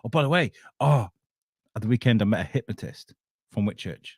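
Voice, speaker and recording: A man's voice: on the low side, animated, fairly quick, breathy edge, dry recording, studio quality. Sweary rambling man host. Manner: rambling, sweary, laughs a lot. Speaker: podcast host. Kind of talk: casual chat.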